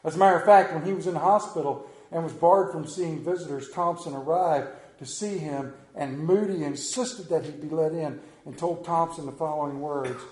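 A man preaching a sermon, with a slow, dramatic delivery that swings from loud to hushed. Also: a little high, echoey room. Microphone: camera.

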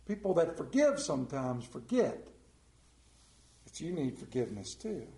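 A man preaches a sermon in a mellow, warm voice. His delivery is dramatic and emphatic, swinging from loud stresses to hushed lines. A roomy echo surrounds him in the church. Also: on the high side, big pitch swings, moderate pace. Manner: dramatic, emphatic scripture reading with wide swings in loudness.

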